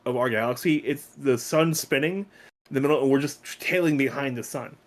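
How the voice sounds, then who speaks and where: A man co-hosting a podcast, talking in a loose, rambling way full of fillers and restarts. His voice sits at an ordinary middle pitch. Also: a little fast. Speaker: podcast co-host. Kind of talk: casual chat.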